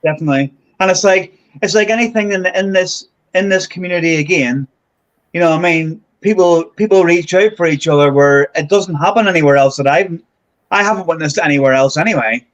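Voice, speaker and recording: A man's voice: a little high, brisk. A man hosting a casual chat, talking in a loose, conversational way that repeats itself. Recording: dull lo-fi sound.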